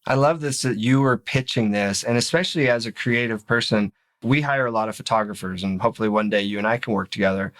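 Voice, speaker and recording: A man's voice: on the low side, fast talker, hardly any pauses, fairly bright tone. A man hosting a podcast, asking questions eagerly and sharing his enthusiasm in casual conversation. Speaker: podcast host. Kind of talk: casual interview.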